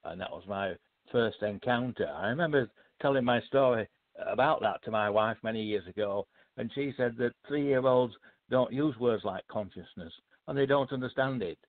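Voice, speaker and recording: An older man with a British accent, a guest author telling his life story in a modest, measured way with hesitant fillers. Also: medium pitch. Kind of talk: storytelling in a casual interview. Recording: tinny phone-like line.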